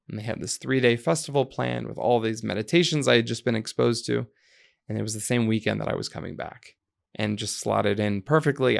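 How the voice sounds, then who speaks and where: A man's voice: on the low side, gravelly. A man from the United States, a podcast guest, talking reflectively and telling stories in which he quotes people. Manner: reflective storyteller, quotes people in lively voices. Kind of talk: conversational interview.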